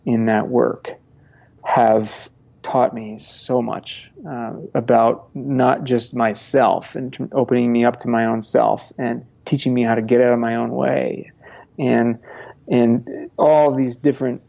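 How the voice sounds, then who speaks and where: Gravelly, mellow-voiced man, chatty and rambling. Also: medium pitch, little pitch movement, unhurried, muffled recording. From Montana. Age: 30s. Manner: rambling, laughs often, many restarts. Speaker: podcast guest. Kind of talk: casual conversational interview.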